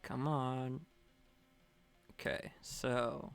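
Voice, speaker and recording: Gravelly, slow-talking nervous young man. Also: medium pitch, steady tone, faint music behind. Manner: nervous, rambling, self-mocking. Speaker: game streamer. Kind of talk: casual live-stream chatter.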